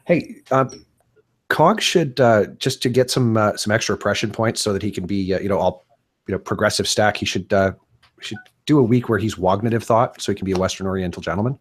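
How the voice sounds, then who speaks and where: Low-voiced sarcastic man. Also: fairly quick. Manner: sarcastic, hesitant with uhs. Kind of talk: casual group chat.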